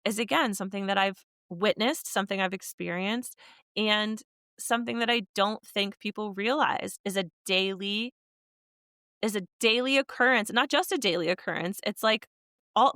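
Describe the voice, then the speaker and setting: A woman's voice: medium pitch, dry recording, studio quality. A woman hosting a podcast, agreeing readily and laughing along with her guest. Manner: warmly agreeing, laughs often. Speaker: podcast host. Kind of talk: casual interview chat.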